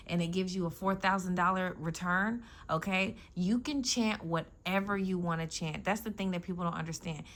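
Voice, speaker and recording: With a mid-range voice and some vocal fry, a woman gives a laid-back tarot reading over slight background noise. She's blunt and profane, full of slang, and often throws in "you know what I'm saying" to her listeners.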